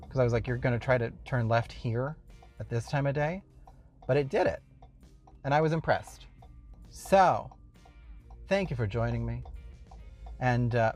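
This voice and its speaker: Guy rambling in his car, wry and fed up, mid pitch, music in the background. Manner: rambling, wry, exasperated asides. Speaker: host. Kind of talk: casual talk while driving. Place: in his car while driving.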